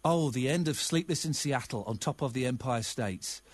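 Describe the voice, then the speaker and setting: A man's voice: mid-range voice, moderate pace, breathy edge, dry recording. A middle-aged English man hosting a casual radio phone-in, chatting and reading listeners' texts with open emotion.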